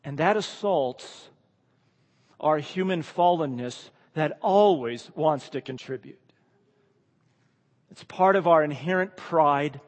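Earnest preacher in a reverberant hall. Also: male voice, a little high, takes it slowly, pauses often. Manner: earnest, emphatic, often drops to a quiet hush. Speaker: pastor. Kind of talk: sermon.

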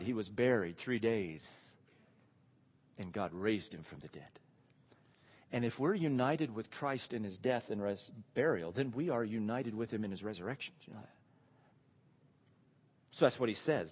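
A man's voice: fairly low pitch, normal speed, long pauses, husky. A man preaching a sermon, asking the congregation questions and stressing key words. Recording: long hall reverb.

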